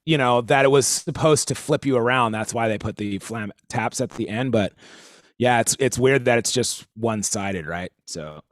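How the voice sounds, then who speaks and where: A man teaching a live online drum warm-up class, talking in a halting way full of fillers, counting in and singing rhythms aloud. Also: mid-range voice, no room sound, clean studio sound.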